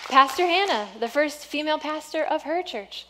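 Earnest high-voiced woman pastor preaching. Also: animated, moderate pace, noisy background. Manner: earnest, exhorting, often drops to a soft hush. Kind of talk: sermon. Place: church sanctuary.

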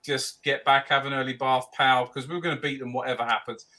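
Bright-voiced blunt man. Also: mid-range voice, steady tone, fast talker. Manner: blunt, rambling, stammers and restarts. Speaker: podcast panelist. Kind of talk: casual chat.

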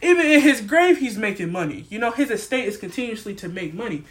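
A young woman guest on a podcast, talking in an emphatic, animated, slangy way. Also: a little high, quick pace. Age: young adult. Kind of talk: casual podcast chat.

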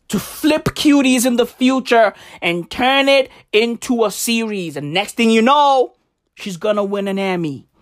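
A woman delivering a satirical comedic rant, sarcastic and profane, who keeps tossing in "right?". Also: on the high side.

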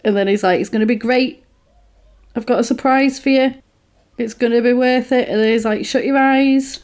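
A woman chatting casually, retelling a film plot and acting out the characters' lines in an animated way. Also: on the high side, normal speed.

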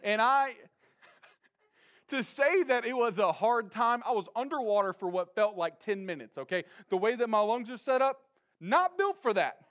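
A young man preaching a sermon, telling a story with lively slang, acting out quotes and shouting them out at times. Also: high-pitched, normal speed. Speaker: pastor.

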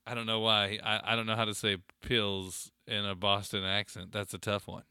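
A man's voice: lowish voice, little pitch movement, normal speed, sharp tone, smooth, dry recording, clean studio sound. A man co-hosting a podcast in casual banter, joking and laughing often, sometimes slipping into silly voices. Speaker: podcast co-host.

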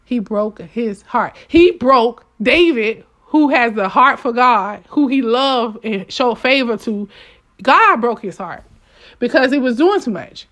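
A woman giving an informal spoken devotional to her listeners. She talks emphatically and repeats her key lines, swinging between fervent outbursts and quiet asides. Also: on the high side, lively intonation, unhurried. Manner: emphatic and repetitive, addressing listeners directly. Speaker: devotional speaker.

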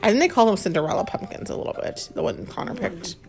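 A woman's voice: medium pitch, lively intonation, fast, vocal fry, music in the background. A woman reading a storybook aloud to children and asking them questions between pages. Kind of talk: bedtime-style storybook reading with chat.

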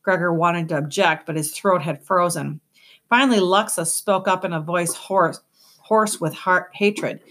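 A woman reads a children's fantasy novel aloud with expressive, lively storytelling. Her voice sits slightly low and she keeps the narration engaged. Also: normal speed. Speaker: audiobook narrator.

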